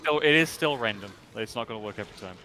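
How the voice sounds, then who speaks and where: A man sitting in on a game stream, giving quick, dry tips and advice in casual chat. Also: fairly low pitch, animated, sharp tone. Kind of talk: casual chat over gameplay.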